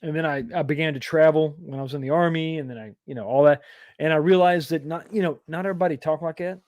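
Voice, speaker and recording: Middle-aged man hosting a live stream; rambling, self-deprecating, slightly raised pitch, dry close sound. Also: steady tone, fast talker, a little mellow, dry recording. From East Texas, USA. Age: 40s or 50s. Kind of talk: casual live chat reading comments.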